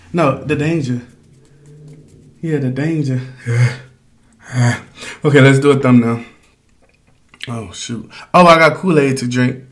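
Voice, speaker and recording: Gravelly-voiced man chatting through a mukbang. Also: mid-range voice, a little hiss or hum. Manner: chatty, talks straight to viewers, slangy. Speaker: food vlogger. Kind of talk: casual mukbang chat.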